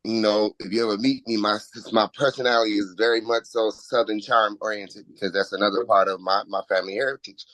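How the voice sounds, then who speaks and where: A man's voice: fairly low pitch, fairly even intonation, fast, hardly any pauses, fairly bright tone, no echo, rough recording. A man from Washington, D.C. with a local accent, talking casually and upbeat about his music in an interview. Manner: upbeat, self-promoting, chuckles often. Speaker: recording artist, interview guest.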